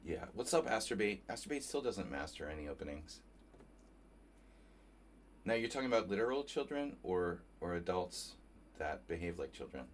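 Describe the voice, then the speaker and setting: Low-voiced guy streaming chess, thinking out loud, chatting w viewers, faint room noise. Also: big pitch swings, normal speed, long pauses. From New Jersey. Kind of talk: casual live commentary while playing.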